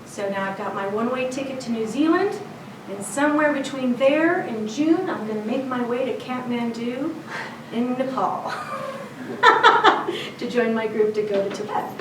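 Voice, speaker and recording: A woman with a slightly high voice and moderate pace tells a personal story at a storytelling event, chatty and laughing at herself. She comes from Chicago's South Side, and the roomy live venue, distant mic, and background noise shape the sound.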